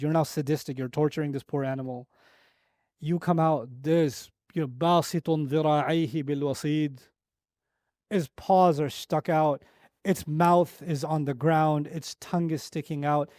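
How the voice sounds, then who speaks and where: A middle-aged man gives a Quran lecture in a high, lively voice. He tells stories with rising emphasis, then sinks to quiet, low moments to land a point. The sound is dry and close, with no room around it. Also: no echo. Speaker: Quran teacher.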